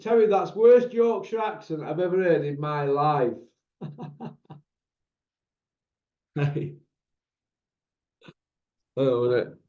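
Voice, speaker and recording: A man's voice: fairly high pitch, takes it slowly, long pauses. A man hosting a casual chat, full of teasing, laddish banter. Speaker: host. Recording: roomy, dull lo-fi sound.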